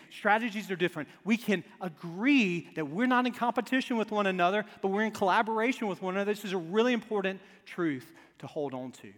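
A man with a high voice preaching a sermon, spinning humorous stories for his congregation. He drops to quiet asides, then builds to loud emphasis. His words ring out with a long reverb through a large church hall. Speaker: pastor. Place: church sanctuary before a congregation.

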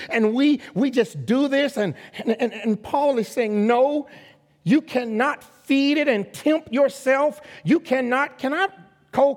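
A man preaching a sermon as a guest pastor, emphatic and calling for responses from the congregation, rising to loud exhortation. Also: extremely high pitch. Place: church sanctuary. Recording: long reverb of a large hall.

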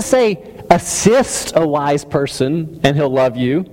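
A man's voice: fairly high pitch, lively intonation, slow pace, a little mellow. Man preaching in a reverberant hall. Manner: conversational, self-deprecating, many restarts and stammers. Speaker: pastor. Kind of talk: sermon. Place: church hall.

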